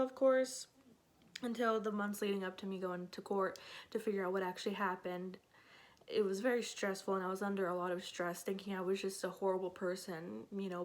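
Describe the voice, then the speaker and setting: A woman at home telling a personal story in casual storytime chat, with many filler words, acting out what she said back then. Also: medium pitch. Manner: chatty, many "like" fillers, acts out her own past lines. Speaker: storyteller vlogger.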